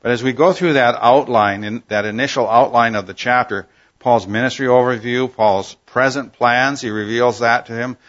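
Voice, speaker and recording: A man teaching a Bible passage verse by verse, unhurried and thoughtful, pausing often with "uh". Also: medium pitch, a bit bright, highs cut off. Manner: unhurried, thoughtful, with frequent "uh" pauses.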